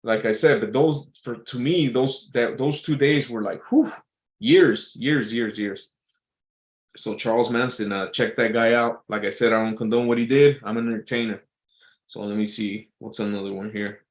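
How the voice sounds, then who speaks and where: A man's voice: medium pitch, steady tone, moderate pace, low-quality recording. Rambling man musing aloud. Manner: loose, repetitive, with frequent restarts and filler; reads out quotes and muses on them. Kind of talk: casual rambling monologue.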